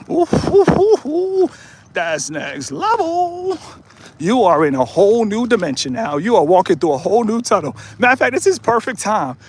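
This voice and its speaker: A man streaming live from a mountain path, talking casually into his phone. His voice sits high for a man. He jokes, teases and riffs with his viewers in an easy, playful flow. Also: a little hiss or hum. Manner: joking, playful, riffs with chat and laughs often. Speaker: livestream host. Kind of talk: casual livestream chat while walking. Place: outdoors on a mountain trail, then a tunnel.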